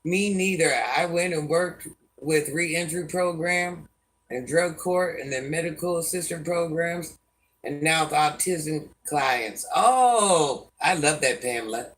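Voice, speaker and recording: This livestream host is an older woman with a low voice who takes her time. She answers viewers' comments with sass and bluntness and tends to call herself by name in the third person, keeping things casual.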